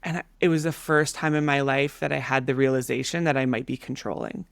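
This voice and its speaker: A woman in her thirties, a podcast guest, telling a story in a casual, animated way with many fillers. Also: a bass voice, brisk, gravelly, no echo. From Canada.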